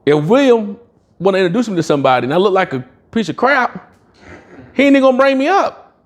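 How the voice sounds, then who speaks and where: A man's voice: high voice, fairly quick. A middle-aged man giving a motivational talk, telling stories in a casual, slangy way and acting out the dialogue. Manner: animated, acts out dialogue in other voices. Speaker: motivational speaker. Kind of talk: storytelling speech at a sales retreat.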